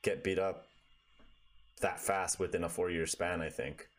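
A man's voice: sits low, steady tone, measured pace. A man telling a story in casual, profane conversation over a video call, rambling with lots of fillers.

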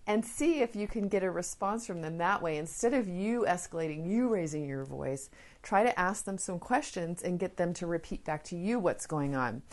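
Low-voiced woman giving earnest parenting advice. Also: expressive, normal speed. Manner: earnest, conversational, shares personal anecdotes. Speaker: parenting podcast host. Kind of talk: casual advice talk.

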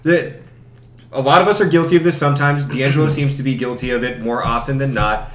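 A man co-hosting a casual sports podcast, talking in animated, swearing bursts. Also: mid-range voice, a little fast. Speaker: podcast co-host. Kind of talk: casual sports chat over drinks. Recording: roomy echo with faint background noise.

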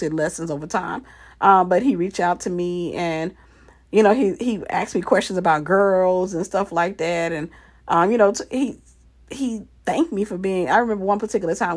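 A woman's voice: medium pitch, a little mellow. A woman casually telling a personal story, animatedly acting out the quoted dialogue and repeating phrases for emphasis.

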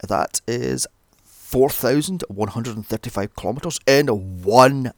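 A man's voice: mid-range voice, expressive, a little slow, a little mellow, no echo, clean studio sound. A man recapping a film in a sweary, sarcastic rant, picking holes in the plot. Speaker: film reviewer.

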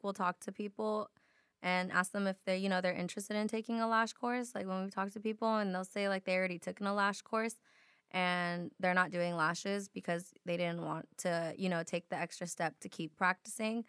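A young woman co-hosting a podcast in casual chat, her voice a bit hoarse from a sore throat. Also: medium pitch, moderate pace, no echo, studio quality. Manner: relaxed, chatty, lots of fillers. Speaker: podcast co-host.

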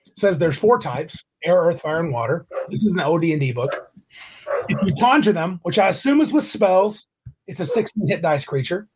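A man's voice: on the high side, expressive, moderate pace, darkish tone, slight background noise. A man hosting a casual tabletop game podcast over a video call, rambling and correcting himself as he reads rules aloud. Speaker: podcast host.

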